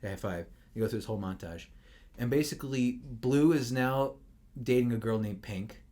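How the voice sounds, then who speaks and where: A man's voice: mid-range voice, normal speed, warm tone. A young man co-hosting a podcast in casual chat, rambling and stammering through restarts as he recaps a movie. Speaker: podcast co-host.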